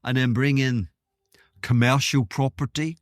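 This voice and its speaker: A man's voice: mid-range voice, steady tone, a little slow, no echo, clean studio sound. A man hosting his own podcast, talking in a rambling, self-interrupting way with wry asides. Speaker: podcast host. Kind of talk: casual solo monologue.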